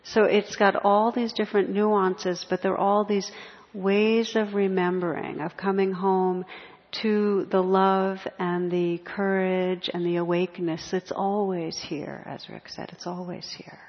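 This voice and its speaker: A woman meditation teacher giving a dharma talk to a group, speaking in a soft, reflective way and often restarting her sentences. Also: mid-range voice, flat delivery, takes it slowly. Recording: echoey hall, dull lo-fi sound.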